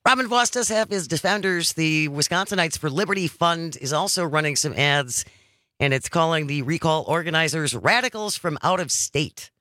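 A man hosting a radio talk show, lively and conversational, reading teasers for upcoming segments. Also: fairly high pitch, normal speed, no room sound.

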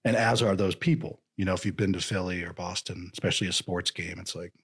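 Husky, animated man in casual chat. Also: sits low, fast. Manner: animated, slips into mock voices. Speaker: podcast co-host.

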